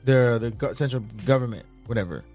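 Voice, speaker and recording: A man's voice: medium pitch, fairly quick, a little mellow, soft background music. A man co-hosting a casual talk show, emphatic and repeating his points to drive them home. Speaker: podcast co-host. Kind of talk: casual chat.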